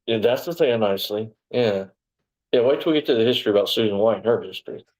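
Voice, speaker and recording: A man's voice: lowish voice, fast, darkish tone, rough recording. A man from Texas, a former police officer telling his story in a casual interview, rambling and digressive with lots of "you know".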